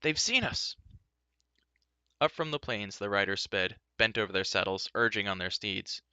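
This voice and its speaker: A man's voice: fairly quick, clear, resonant tone, no room sound. A man reading a fantasy storybook aloud, giving the characters their own voices. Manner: shifts pitch and loudness for each character's lines. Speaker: audiobook reader.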